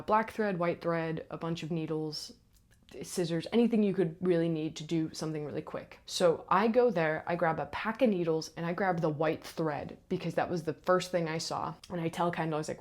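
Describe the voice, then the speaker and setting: A young woman, a stage manager, telling a backstage story in a chatty, animated way with lots of asides. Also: sits low. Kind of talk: casual storytelling to camera.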